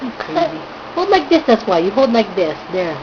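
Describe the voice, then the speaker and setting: A woman's voice: fairly high pitch, very animated, moderate pace, highs cut off. A young woman feeding a toddler at home, coaxing her with short, repeated commands. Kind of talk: coaxing a small child at mealtime. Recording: noisy home video.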